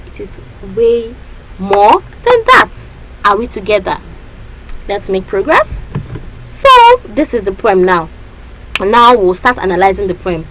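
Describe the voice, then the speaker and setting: A woman teaching a literature lesson, lively and repetitive, often checking that her students understand. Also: medium pitch, a little hiss or hum, rough recording.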